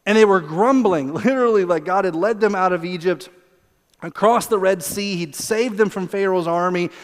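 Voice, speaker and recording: A man with a high voice preaches a lively sermon, acting out voices in his quotes and often repeating words. He is heard in a church sanctuary with a long, lingering reverb. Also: moderate pace. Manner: animated, acts out voices in quotes, repeats words when excited. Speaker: pastor.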